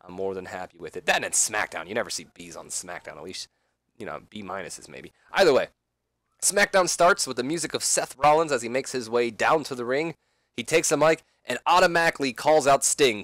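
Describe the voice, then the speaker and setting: A man's voice: mid-range voice, expressive, brisk, fairly bright tone, no room sound. A man doing casual game commentary, rambling with fillers and side remarks. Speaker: let's play commentator.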